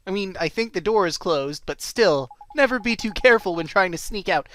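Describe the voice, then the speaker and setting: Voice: medium pitch, animated, brisk, few pauses, a bit bright, dry recording. A let's play host giving casual, jokey commentary over a game, often correcting themselves mid-sentence. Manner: chatty, jokey, self-correcting asides.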